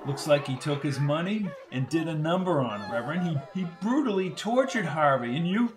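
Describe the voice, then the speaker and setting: A man reading an audiobook voices a middle-aged man in grief and fury who shouts raw, anguished lines, with music underneath. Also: on the high side, very animated, a little fast.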